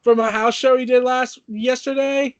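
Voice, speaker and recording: A man with a very high-pitched, steady voice co-hosts a podcast, chatting about wrestling in a laid-back way and tossing in offhand asides. He talks at a moderate pace, and the sound is lo-fi.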